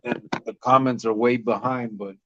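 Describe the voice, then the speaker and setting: A man's voice: mid-range voice, steady tone, normal speed, dry recording. A man hosting a casual podcast, laid-back, reading viewer comments aloud and laughing often. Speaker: podcast host. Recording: dry, slightly dull lo-fi sound.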